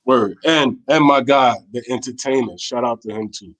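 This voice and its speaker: A man's voice: mid-range voice, normal speed. Upbeat male co-host, easygoing slang delivery. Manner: hyped, shouting out viewers in slang. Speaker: podcast co-host. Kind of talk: casual late-night livestream chat.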